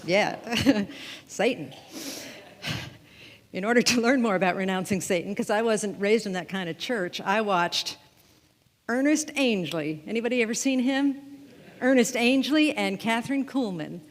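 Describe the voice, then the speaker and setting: A woman minister preaches in a chatty, playful way, tossing questions to the congregation and laughing along. Her voice sits at a middling pitch. The long reverb of a church hall trails behind her words. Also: moderate pace. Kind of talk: sermon. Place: church sanctuary.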